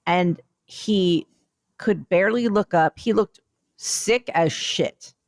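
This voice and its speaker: A woman co-hosting a podcast, chatting casually and telling a rambling, animated story. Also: lowish voice, slow, dry recording. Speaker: podcast co-host. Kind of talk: casual chat.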